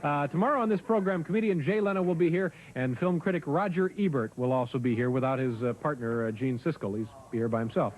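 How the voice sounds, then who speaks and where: Dry, halting late-night talk show host. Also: male voice, a little high. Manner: dry, halting, with many uh fillers. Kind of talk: talk show hosting, interviewing. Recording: noisy TV broadcast audio.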